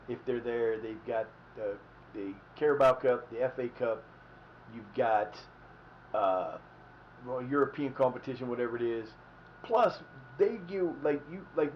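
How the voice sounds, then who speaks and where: A man's voice: mid-range voice, a little hiss or hum. A man casually chatting while streaming a football management game, rambling and swearing now and then. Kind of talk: casual live-stream commentary. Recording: slightly dull lo-fi mic.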